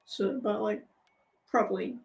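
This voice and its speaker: A woman with an Australian accent, a guest on a live stream, chatting in a relaxed, rambling way with lots of fillers. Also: medium pitch, measured pace, vocal fry, muffled recording, over music. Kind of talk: casual chat on a live stream.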